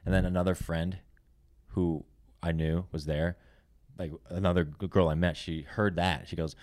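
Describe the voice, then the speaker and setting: A man's voice: low voice, steady tone, normal speed, darkish tone, no echo, studio quality. A young man chatting casually on a podcast, telling stories loosely and swearing a lot. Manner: loose storytelling, acts out quotes, swears a lot. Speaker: podcast co-host, comedian.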